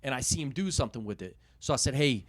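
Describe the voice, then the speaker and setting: A young man telling a story as a podcast guest, swearing constantly and animated, often laughing at his own anecdote. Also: medium pitch, very fast, dry recording. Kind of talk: casual storytelling in a podcast interview.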